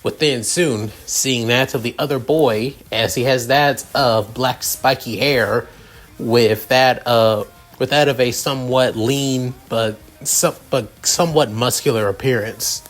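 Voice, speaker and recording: Young man, improvised fan-story narration, rambling, frequent restarts, mid-pitched. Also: a little slow.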